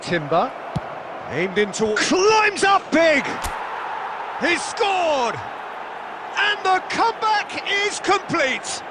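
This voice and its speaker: A man voicing a male football play-by-play commentator in a video game, calling the match with lively swings up to excited shouts. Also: high voice, moderate pace, background noise.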